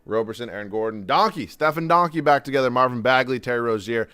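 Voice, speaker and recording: Casting note: young male gaming YouTuber, casual and foul-mouthed, ranting over gameplay, dry close sound, mid-pitched. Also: quick pace, bright, forceful tone, clear, resonant tone, dry recording. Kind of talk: gameplay commentary.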